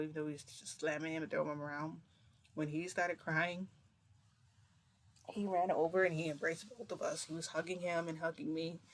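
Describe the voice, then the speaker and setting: A woman vlogger telling a story to camera in a casual, rambling way, close to tears. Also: low voice. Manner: emotional, rambling retelling with many "like"s.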